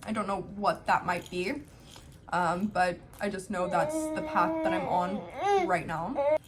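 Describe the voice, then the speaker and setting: A woman's voice: lowish voice, measured pace. A young woman in her twenties talking candidly to camera at home as a family vlogger, reflective and loose, with plenty of "um" and "like". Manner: candid, reflective, many "um" and "like" fillers. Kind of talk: casual talk to camera. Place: home, with a baby in her arms. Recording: faint background noise.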